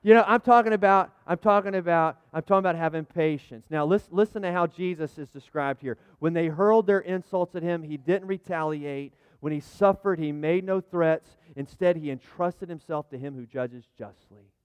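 Middle-aged male pastor, folksy sermon with asides, smooth tone, dry close sound. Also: on the high side, normal speed, few pauses, no echo. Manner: chatty, folksy, full of restarts and asides; jokes with the congregation, calls for amens. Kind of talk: conversational sermon with props.

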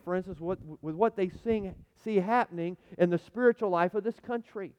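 A high-pitched, smooth-voiced man preaches from the pulpit, rising to loud appeals and dropping to hushed asides. His words ring through a large hall with a long echo, and the recording sounds a little dull and muffled. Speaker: pastor. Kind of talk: sermon. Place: church sanctuary.

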